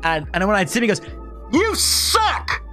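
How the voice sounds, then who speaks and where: High, bright-voiced man rambling on stream. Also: very fast, soft background music. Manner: rambling, jokey, self-mocking storyteller. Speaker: live streamer. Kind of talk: casual chat with live chat.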